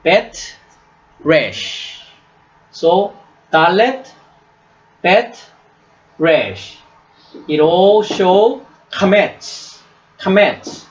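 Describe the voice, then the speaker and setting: A man teaches a class at a deliberate, unhurried pace. His voice sits fairly high and swings up and down a lot as he repeats words for his students. The recording sounds dull and lo-fi. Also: expressive. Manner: slow, repeats words and asks "right?" often. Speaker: Hebrew teacher. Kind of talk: classroom lesson.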